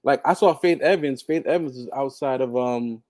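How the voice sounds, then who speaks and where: A man telling a personal story on a podcast in a casual, animated way, laughing often and mimicking others. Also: medium pitch, moderate pace, no echo. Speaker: podcast guest.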